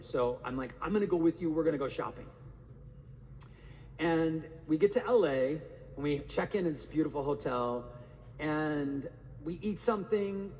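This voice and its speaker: A man giving an energetic live talk to an audience in a large hall, firing rhetorical questions at the crowd. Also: mid-range voice. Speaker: motivational speaker. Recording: reverberant live hall, faint room noise.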